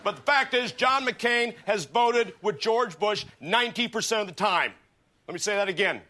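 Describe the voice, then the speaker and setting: An actor playing an earnest, rambling older senator with a Pennsylvania accent in a sketch comedy debate parody. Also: male voice, high-pitched, moderate pace, bright, forceful tone. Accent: Pennsylvania American. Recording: TV sketch with audience laughter. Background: studio audience laughter.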